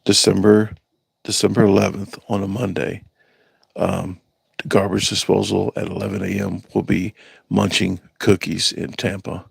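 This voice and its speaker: A man's voice: deep voice, level tone, moderate pace, vocal fry, husky, dry recording, poor audio. A man hosting a casual livestream, rambling and joking as he reads viewer comments aloud and answers them. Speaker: livestream host reading chat.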